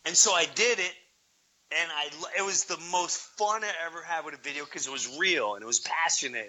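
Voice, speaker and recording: A man, telling a story in an excited way and acting out his own shouts. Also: fairly high pitch, brisk, rough recording. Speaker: guest, baseball fan video maker. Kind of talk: animated storytelling in an interview.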